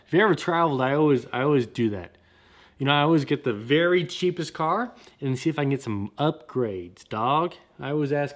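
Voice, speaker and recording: Man, podcast host, motivational, energetic, slangy, slightly high voice. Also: fairly quick. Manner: energetic, slangy, repeats himself.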